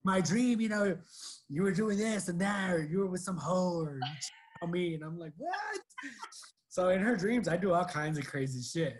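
A man's voice: high voice, moderate pace, background noise. A man co-hosting a podcast in casual chat, rambling through stories full of "like" and "you know". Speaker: podcast co-host.

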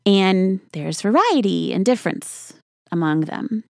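A woman's voice: mid-range voice, very animated, unhurried, creaky, a little mellow, no echo, clean studio sound. A woman hosting a podcast, chatting in a casual, enthusiastic, folksy way. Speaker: podcast host.

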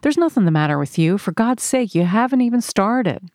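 Lady doing a gruff boss guy who hollers, brusque and blustery, dry close sound. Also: mid-range voice, expressive, fairly quick, a little mellow, dry recording, natural voice. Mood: hollering. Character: gruff blustering middle-aged male marathon boss.

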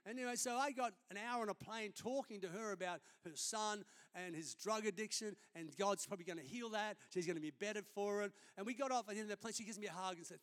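A man's voice: sits high, fairly quick, few pauses, a bit bright. A man, a senior pastor preaching a sermon in a conversational, storytelling way during a church service.

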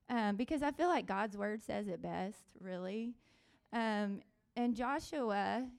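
A woman on a panel gently offering faith-based encouragement and quoting scripture in a reassuring, conversational way. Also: a little high, gravelly. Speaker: panel speaker. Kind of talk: devotional encouragement.

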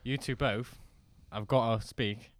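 A man's voice: medium pitch, steady tone, a little slow, no room sound. A young man joking and laughing through a casual podcast chat. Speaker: podcast co-host.

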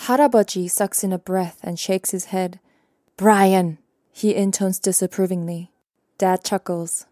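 A young adult woman reading a first-person story aloud in a calm, even narration with quiet character voices. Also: on the low side, moderate pace, no room sound, studio quality. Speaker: audiobook narrator.

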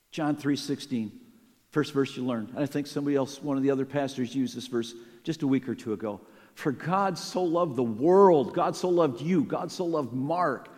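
A man delivers a sermon with animated emphasis, his voice sitting a little high. He acts out the quoted lines as he preaches. A long hall reverb trails behind his voice. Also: normal speed. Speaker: pastor.

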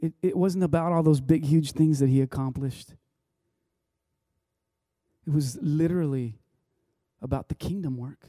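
A man delivers a sermon as a rambling, conversational story, stopping and restarting his sentences. His voice sits a little high but sounds deeply mellow and warm. The recording is close and dry, with no room sound. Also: measured pace, pauses often, dry recording. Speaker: pastor.

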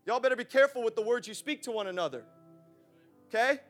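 Animated, high-voiced young pastor. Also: male voice, fast, soft background music. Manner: animated, chatty, acts out scenes, asks the room questions. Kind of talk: sermon. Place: church.

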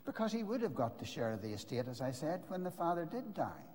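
An older man preaching a sermon, earnest and emphatic, with dramatic pauses. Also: a little high, big pitch swings, a little mellow. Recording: long reverb of a large hall.

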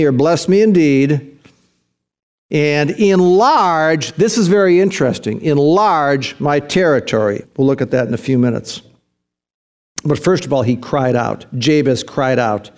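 Male pastor, high-pitched voice, casual sermon delivery that swells into earnest emphasis. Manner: conversational preaching with rising emphasis, addresses listeners as "man".

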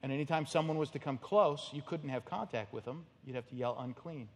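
Male pastor preaching, slightly high voice, animated storyteller, sudden shouts, long reverb of a large hall. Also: a little fast. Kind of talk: expository sermon.

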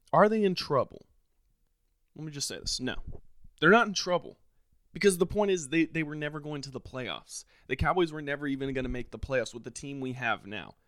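A man hosting a podcast, delivering a frustrated, sarcastic solo rant with sudden leaps up in pitch and loudness. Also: dry recording, clean studio sound. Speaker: podcast host.

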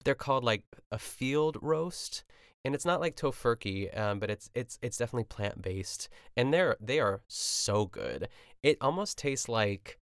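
A man's voice: mid-range voice, lively intonation, unhurried, no room sound, studio quality. A young man hosting a podcast, chatting casually and rambling through a cooking show recap with lots of fillers and asides. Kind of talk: casual chat.

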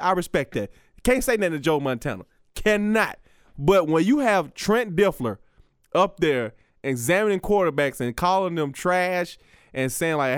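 Animated man ranting on a podcast. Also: high-pitched, brisk, no room sound, studio quality. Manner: animated, profane, rambling with restarts. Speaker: podcast host. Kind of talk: solo podcast rant. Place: radio station studio.

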